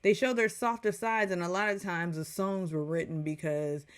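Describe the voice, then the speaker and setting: A woman's voice: on the low side, fairly even intonation, moderate pace. A woman in her forties giving a casual, chatty movie review, full of digressions and playful asides.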